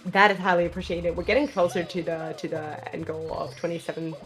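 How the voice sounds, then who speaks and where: A woman's voice: on the low side, little pitch movement, fairly quick, fairly bright tone, faint music behind. Chatty woman with a slight lisp. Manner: chatty, laughs often, restarts phrases. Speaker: speedrun commentator. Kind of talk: casual live-stream commentary. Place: commentary booth.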